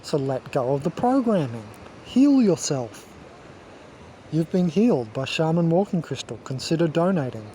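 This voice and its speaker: Preachy self-assured man, mellow voice. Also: fairly high pitch, sing-song, moderate pace, a little hiss or hum. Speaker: wellness vlogger. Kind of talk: rambling monologue to camera.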